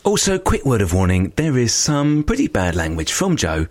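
A man's voice: mid-range voice, huge pitch swings, moderate pace, darkish tone. A man co-hosting a podcast, cheerful and chatty as he tells stories in casual chat. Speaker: podcast co-host.

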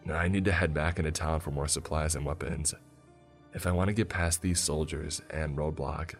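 A man narrating a first-person horror story in a steady storytelling voice. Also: rumbling low, moderate pace, vocal fry, soft background music.

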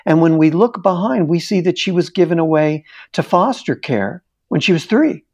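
A man's voice: fairly high pitch, expressive, moderate pace, darkish tone. A middle-aged man, a therapist and interview guest, animatedly telling a case story and acting out the dialogue.

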